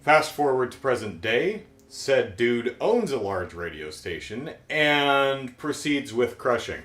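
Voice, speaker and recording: A middle-aged man rambles through a jokey episode recap. His pitch jumps around a lot, and the room gives a roomy echo. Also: big pitch swings, slow pace, a bit bright. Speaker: show recap host. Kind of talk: casual comedic recap.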